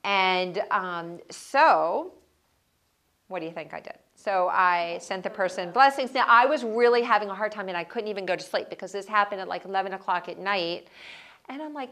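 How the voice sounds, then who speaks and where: A woman's voice: mid-range voice, moderate pace. A middle-aged woman, a motivational speaker, telling stories in a workshop and acting out what people said, often laughing at herself. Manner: animated storyteller, acts out quotes, laughs at herself.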